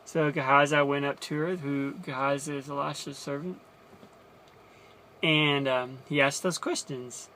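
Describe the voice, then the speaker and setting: Bright-voiced man retelling a Bible story. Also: a little high, fairly even intonation, unhurried, slight background noise. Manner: chatty, restarts and explains as he goes. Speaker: Bible teacher.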